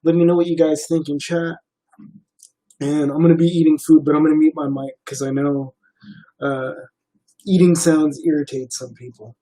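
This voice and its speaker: A man's voice: fairly high pitch, normal speed. A young man hosting a casual livestream, chatting loosely to his viewers with lots of fillers and restarts. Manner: relaxed, rambling, many fillers. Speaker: livestream host.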